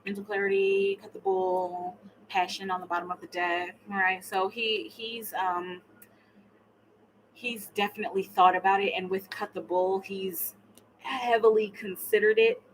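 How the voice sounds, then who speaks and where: A woman's voice: mid-range voice, unhurried, slight background noise, poor audio. A woman giving a live tarot reading, chatting casually and laughing, sometimes murmuring her questions to the cards. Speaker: tarot reader.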